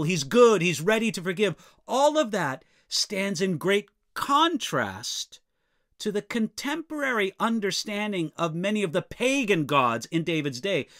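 A man preaching an expository sermon, reading scripture aloud with strong emphasis and dropping to soft, low asides in between. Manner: expressive, rises high when reading scripture, drops low and soft on asides.

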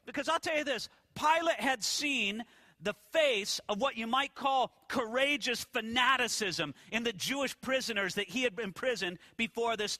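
A man preaching a sermon, telling the story with animated questions to his listeners. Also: very high voice, no echo. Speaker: pastor.

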